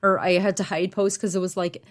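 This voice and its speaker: Podcast co-host, woman, lowish voice, rambling casual delivery. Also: flat delivery, a little fast. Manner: rambling, heavy use of "like". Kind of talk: casual chat.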